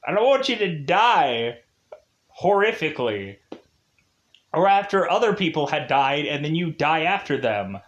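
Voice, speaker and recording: A man putting on a shouty male ranch hand who yells and pleads at a bear. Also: on the high side, very animated, measured pace, echoey room, dull audio. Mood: pleading. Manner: yelling, pleading.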